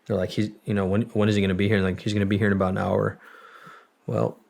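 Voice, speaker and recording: A man with a very low, gravelly voice recounts his story as an interview guest. He rambles casually and swears freely as he talks. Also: level tone, fast talker, a little mellow.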